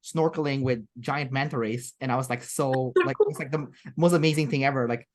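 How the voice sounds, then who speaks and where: A woman's voice: a bass voice, a little fast, darkish tone. Chatty woman rambling through an interview. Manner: chatty and rambling, many fillers and restarts. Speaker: interview guest. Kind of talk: casual interview chat.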